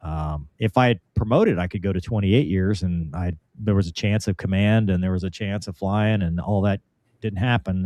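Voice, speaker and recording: A man co-hosting a casual live talk show, reading viewer comments and reflecting in a halting way with frequent restarts. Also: lowish voice, darkish tone, no echo. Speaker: co-host reading viewer chat.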